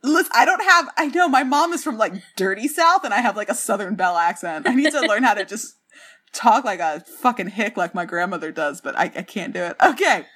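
This podcast co-host has a medium-pitched, expressive, somewhat bright voice and records remotely from her own apartment, apart from her partner. Her banter is casual and bubbly, full of fast, jokey asides.

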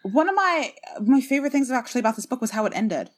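Animated Southern woman co-host. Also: on the high side, fast. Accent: Southern American. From American South. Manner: animated, laughs often. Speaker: podcast co-host. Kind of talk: casual chat.

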